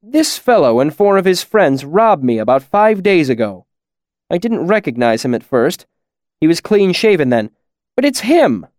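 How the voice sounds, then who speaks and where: A man's voice: a little high, lively intonation, normal speed, a little mellow, dry recording, clean studio sound, voice pushed up, natural voice. A man doing an indignant scribe, raised voice. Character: indignant male scribe, sharp-tongued.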